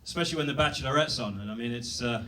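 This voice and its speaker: A man's voice: mid-range voice, racing, sharp tone, recorded from a distance, slight background noise. A British man doing a self-deprecating stand-up set on a comedy club stage, rambling with fillers and restarts. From Britain.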